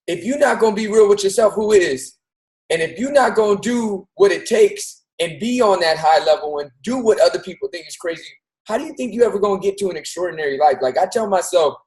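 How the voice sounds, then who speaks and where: A man's voice: high-pitched, a little mellow, poor audio. A man hosting a show, giving an earnest, casual motivational talk straight to his listeners. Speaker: host.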